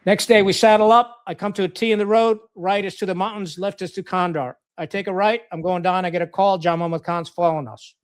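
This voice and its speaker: A man's voice: sits high, fairly even intonation, fast, few pauses, clean tone. A middle-aged man from Pakistan, a retired Marine officer, telling war stories as a podcast guest in a blunt, profane way, full of fillers and restarts. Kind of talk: war storytelling in casual conversation.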